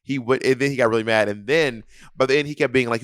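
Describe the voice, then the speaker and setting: A young man co-hosting a podcast, telling a story in a sassy, animated way and acting out what people said. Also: medium pitch, fast talker, clear, resonant tone, dry recording, clean studio sound. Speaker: podcast co-host. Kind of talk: casual chat.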